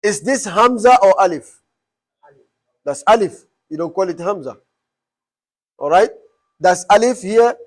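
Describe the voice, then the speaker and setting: Teacher, male, fairly high voice, quizzes the room as he explains. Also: lively intonation, a little slow, long pauses. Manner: quizzing the class with repeated questions. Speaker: Arabic teacher. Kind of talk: classroom teaching.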